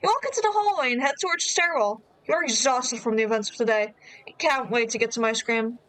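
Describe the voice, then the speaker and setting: A woman's voice: a little high, fast, fairly bright tone, dry recording, low-quality recording. A woman streamer reading a dating sim aloud and adding wry, amused asides, on a close desk mic.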